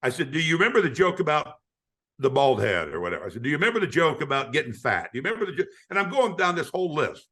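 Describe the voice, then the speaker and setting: Animated older male storyteller, bright voice. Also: on the high side, quick pace, husky. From United States. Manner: animated storyteller, acts out quoted voices, frequent stammering restarts. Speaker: retired sportscaster guest. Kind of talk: storytelling in a podcast interview.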